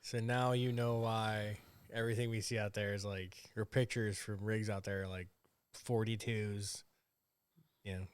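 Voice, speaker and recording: A man co-hosting a podcast, chiming in with quick reactions in casual chat. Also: fairly low pitch, level tone, clean tone. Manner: chimes in with quick reactions and laughs. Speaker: podcast co-host.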